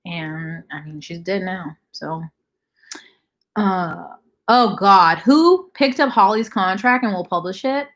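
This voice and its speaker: Young woman on a livestream, blunt and sweary, chatting along with the comments, middle pitch. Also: takes it slowly, a bit bright. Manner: blunt, swears freely, reads comments aloud. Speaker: livestream host. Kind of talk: casual livestream chat, reacting to comments.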